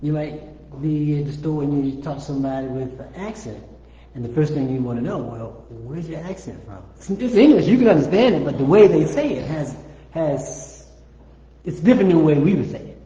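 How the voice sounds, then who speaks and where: A man teaching an informal Arabic lesson, slowly sounding out letters and vowels with patient repetition. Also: fairly high pitch, lively intonation, warm tone. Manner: slow, repeats sounds patiently. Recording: echoey room, dull lo-fi audio.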